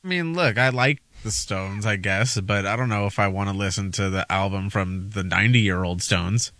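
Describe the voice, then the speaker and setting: Radio cohost guy, kinda low but bright, shrugging off the question, super dry mic. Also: normal speed, dry recording. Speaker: radio co-host. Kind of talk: casual radio banter.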